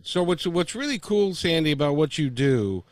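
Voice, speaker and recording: A man's voice: fairly high pitch, normal speed, no room sound. An older man hosting a casual panel talk, joking and often restarting his sentences. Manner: joking, self-interrupting, lively. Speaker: talk show host.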